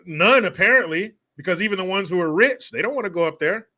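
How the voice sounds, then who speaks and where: A man's voice: high-pitched, expressive, fast, pushed and bright. A man hosting a casual commentary vlog, sarcastic and mocking, swearing freely and laughing often. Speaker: host.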